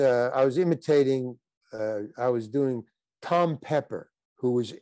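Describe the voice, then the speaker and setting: A man's voice: mid-range voice, warm tone, no echo. Older man telling rambling stories. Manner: rambling anecdotes with halting restarts. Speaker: guest actor. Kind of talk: casual interview storytelling.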